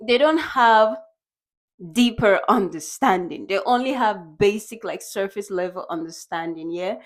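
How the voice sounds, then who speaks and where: A young woman from Nigeria talking casually to the camera in a vlog, chatty and lively, acting out little bits of dialogue. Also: medium pitch, normal speed. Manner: chatty, animated, acts out quoted dialogue with laughs. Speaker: vlogger. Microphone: small bought microphone.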